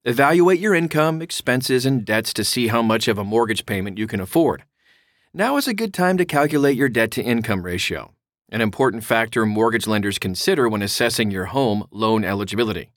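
A man reading a home-loan explainer aloud in a clear, instructive way, with casual asides. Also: mid-range voice, lively intonation, fairly quick, dry recording, studio quality. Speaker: mortgage explainer.

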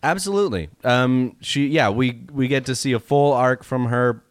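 A man's voice: medium pitch, normal speed, no room sound. A man hosting a podcast, chatting casually and laughing often. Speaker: podcast host. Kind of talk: casual chat.

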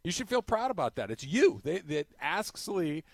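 A man hosting a sports radio show, animated and laughing often as he banters. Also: on the high side, moderate pace, dry recording.

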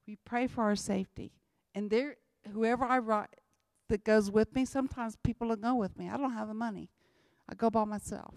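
A woman's voice: fairly high pitch, steady tone, normal speed, a little mellow, no room sound, clean studio sound. A woman, giving an emphatic church talk about mission work and repeating her key lines. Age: 60s. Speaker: missionary speaker.

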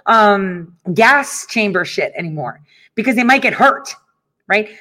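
Animated middle-aged woman ranting to viewers. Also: a little high. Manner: animated storytelling, laughs often, swears. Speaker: online show host. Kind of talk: casual ranting monologue.

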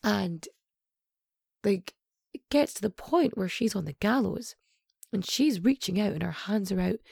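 A woman's voice: mid-range voice, animated, a little slow, vocal fry, a little mellow, slightly rough, no room sound, clean studio sound. A young woman casually retelling a true crime story, sweary and sarcastic, with lots of asides.

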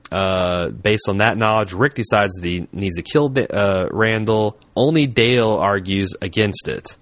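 Male podcast co-host, low voice, dry close sound, wisecracking casual chat. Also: a little slow, a bit bright, no room sound. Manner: wisecracking, reads a spoiler synopsis aloud.

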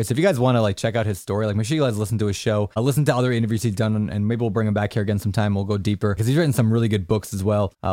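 A man's voice: lowish voice, a little mellow, no room sound, clean studio sound. A man co-hosting a podcast in casual, upbeat chat, laid-back and friendly. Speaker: co-host.

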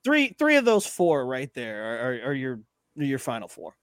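A man co-hosting a sports podcast, talking in casual, animated chat, often repeating words and swearing as he makes his point. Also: mid-range voice, normal speed, no room sound, studio quality. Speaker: podcast co-host.

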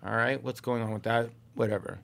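Speaking quite quickly in a mid-range voice with some vocal fry, a podcast co-host and ex-baseball player tells a lengthy casual story. He animatedly performs the voices of those he quotes and fills gaps with many ums, in an echo-free recording.

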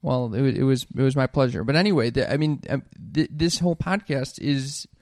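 A man's voice: medium pitch, brisk, darkish tone, dry recording, clean studio sound. A young man co-hosting a comedy podcast with his mother, upbeat and often stumbling over his words. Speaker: podcast co-host. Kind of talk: casual chat.

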